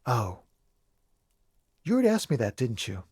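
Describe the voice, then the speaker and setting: Quiet, wary young man in a video game, who sounds nervous and guarded. The recording is dry and close. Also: medium pitch, wildly swooping pitch, normal speed, husky, no echo, full character voice. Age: young adult.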